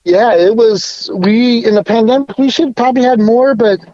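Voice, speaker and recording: A man talking casually as a podcast guest, laid-back and a bit halting. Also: very high-pitched, fairly even intonation, mellow. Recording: dull lo-fi audio.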